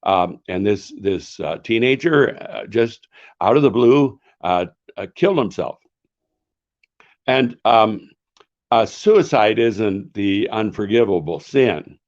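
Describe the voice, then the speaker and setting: An older man, an author and former pastor, answers questions during a live author session, earnest and reflective, often pausing to find his words. His voice is lowish and expressive, and the recording's highs are cut off.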